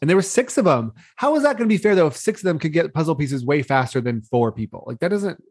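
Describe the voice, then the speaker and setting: A man's voice: fairly high pitch, expressive, quick pace, breathy edge, no echo, clean studio sound. A young adult man co-hosting a podcast, casually recapping reality TV with frequent laughs and acted-out quotes. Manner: chatty, laughs often, acts out quoted lines. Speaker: podcast co-host.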